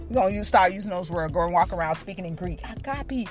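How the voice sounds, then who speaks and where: An older woman, chatting casually about Bible teaching to viewers, playful and animated, often laughing and singing bits of phrases. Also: fast, soft background music. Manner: animated, with sudden high pitch jumps. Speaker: faith talk host.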